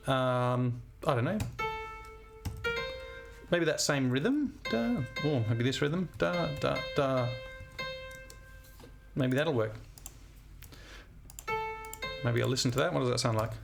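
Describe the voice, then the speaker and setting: Talking through a composition demo captured on screen, this male music teacher thinks out loud and scats melodies. He has a gravelly, expressive mid-range voice at a moderate pace.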